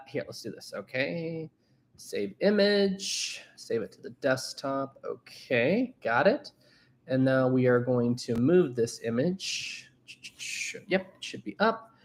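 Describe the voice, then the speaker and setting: A man's voice: a little high, fairly bright tone. A man casually hosting a live stream, greeting viewers by name and chatting loosely with frequent fillers.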